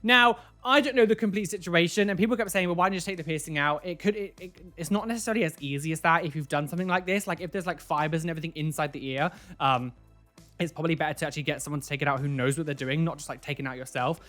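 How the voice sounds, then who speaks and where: A man's voice: fairly high pitch, rapid-fire, pushed and bright, faint music behind. A man hosting a casual reaction video, talking in an incredulous way that is full of repeated "like" and "what", and giving preachy warnings to viewers.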